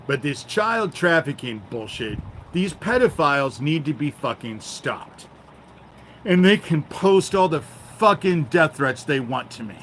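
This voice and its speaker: A man's voice: medium pitch, very animated, measured pace, fairly bright tone, slight background noise. A man ranting on his live stream outdoors by his garden, angry, profane and rambling, shifting into a frustrated prayer. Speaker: livestreamer.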